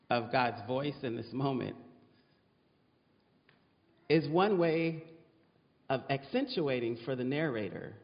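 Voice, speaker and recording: Guy preaching in a big echoey church, dull muffled sound, goes real slow and dramatic. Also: medium pitch. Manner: dramatic preaching, repeats words for effect. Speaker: pastor. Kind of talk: sermon. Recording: dull sound with long hall reverb.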